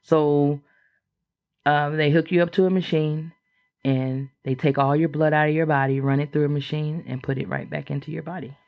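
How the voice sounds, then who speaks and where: A woman's voice: normal speed, creaky, dull audio. A woman guest on a podcast telling a personal story in a frank, chatty way, acting out what others said with big leaps in her voice. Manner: animated, acts out quoted voices with big jumps in pitch; frank and chatty, with frequent fillers.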